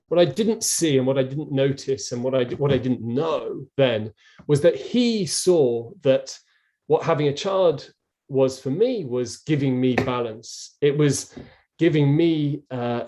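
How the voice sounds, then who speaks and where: A man's voice: medium pitch, warm tone. A middle-aged man, a former rower, speaking earnestly in a live interview and often restarting his sentences. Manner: earnest, halting with many restarts.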